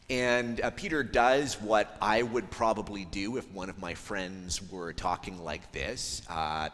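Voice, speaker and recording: A man preaching a sermon as a pastor, in a conversational, thoughtful way with frequent ums and pauses. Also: low-pitched, fairly bright tone, in a large hall, a little hiss or hum. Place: church.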